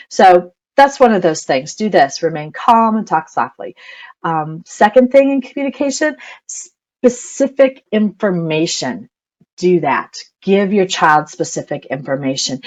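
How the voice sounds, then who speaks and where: Chatty woman coach with a low voice. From United States. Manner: chatty, frequent ums and laughs. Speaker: parent coach presenter. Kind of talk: educational webinar talk.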